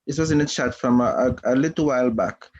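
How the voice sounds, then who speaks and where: Man, mid-pitched voice, hesitant, reading questions from chat, lo-fi muffled call sound. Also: fast. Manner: hesitant, with frequent uh.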